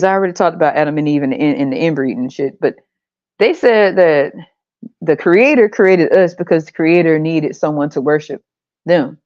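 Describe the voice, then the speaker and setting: A woman's voice: deep voice, a little mellow, no room sound. An American woman hosting a podcast, ranting in a casual, profane, mocking way and laughing often. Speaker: podcast host. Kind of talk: casual monologue rant. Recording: dull lo-fi sound.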